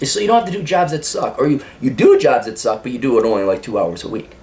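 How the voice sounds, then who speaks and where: A man's voice: fairly high pitch, lively intonation, fast talker, few pauses, a little mellow. A man hosting a podcast, giving blunt, rambling, profane advice with frequent laughs.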